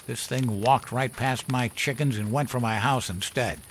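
A man voicing a gruff old male storyteller who drinks, talking in a folksy, profane, chuckling way. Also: mid-range voice, normal speed, slight background noise, voice pushed up, close to an everyday voice. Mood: gruff storytelling.

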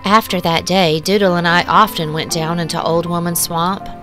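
Woman narrating a story over soft music. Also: fairly low pitch, steady tone, moderate pace.

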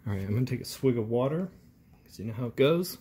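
Chill guy walking you thru inking a comic page, easygoing, kinda rambly, mid-pitch voice. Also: expressive, fast talker, dark tone, slightly rough. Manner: casual, talks while working, with fillers. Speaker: comic book inker. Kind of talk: relaxed ink-along tutorial narration.

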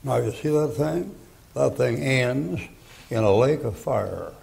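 A man's voice: mid-range voice, expressive, slow pace, gravelly, a little mellow, low-quality recording. An older man preaching a fiery sermon in a folksy, blunt, emphatic way. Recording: archival sermon recording.

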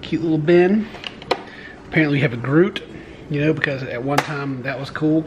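Casting note: young father, low-key and jokey, hushed home vlog voice, camera mic with music under. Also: normal speed, noisy background. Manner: soft-spoken, often hushed around the baby, jokey. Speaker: vlogger, new father. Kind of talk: casual family vlog chat. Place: home with a baby.

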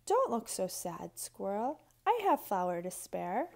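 A woman's voice: mid-range voice, very animated, slow pace, vocal fry, darkish tone, full character voice. Woman reading as a kindly porcupine. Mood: generous. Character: kindly generous female porcupine.

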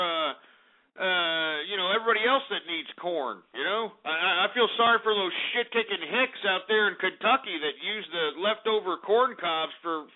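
A brash male radio host ranting in a sarcastic, profane stream of talk. His voice runs fairly high, and the sound is thin and tinny, as if heard over a phone line.

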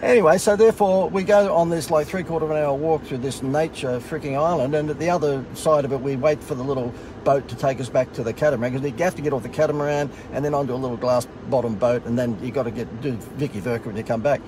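A man's voice: medium pitch, fairly even intonation, fast talker, hardly any pauses, noisy background. A middle-aged Australian man casually telling a funny story in a sarcastic, self-mocking way. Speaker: host.

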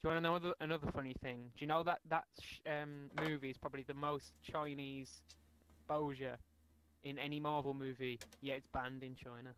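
A man's voice: medium pitch, level tone, a little fast, a bit bright, clear, resonant tone. A man chatting casually with a streamer over a headset, telling stories loosely and swearing. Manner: loose, profane storytelling. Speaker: stream guest. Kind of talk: casual chat.

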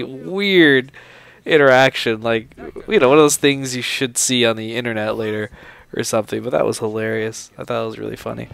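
A man's voice: mid-range voice, steady tone, normal speed, creaky, a bit bright, clean tone, no room sound. A man hosting a game playthrough, telling stories and reacting in a rambling, laughing way, swearing often. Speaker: let's play host. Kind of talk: casual gameplay commentary.

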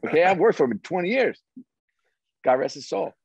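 A middle-aged man, a former sports executive, telling stories as an interview guest in an animated, restarting way. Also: on the high side, fairly quick, creaky, husky, dry recording. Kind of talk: casual interview storytelling. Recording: dry, slightly dull audio.

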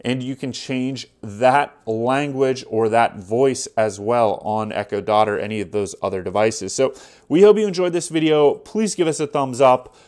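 A man of middle pitch hosts a how-to video in an easygoing, conversational way. He narrates each tap and scroll as he goes, dropping casual fillers along the way. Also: normal speed, a little mellow. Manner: easygoing, talks through each step with "uh" fillers. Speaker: tech tutorial host. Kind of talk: casual screen walkthrough.

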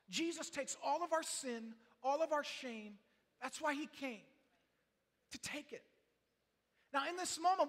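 A high, bright-voiced man preaching to his congregation in an earnest, pleading way, stumbling over and repeating words as he presses his point. His voice rings with a long reverb from the hall around him. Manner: builds from quiet talk to passionate shouting. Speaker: pastor. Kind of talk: sermon.

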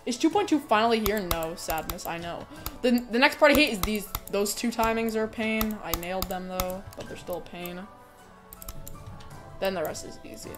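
A woman's voice: mid-range voice, moderate pace, music in the background. A young woman streaming a game, chatting casually and talking through her run. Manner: chatty, bursts into squealing protests and laughter. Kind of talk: casual live-stream commentary while playing.

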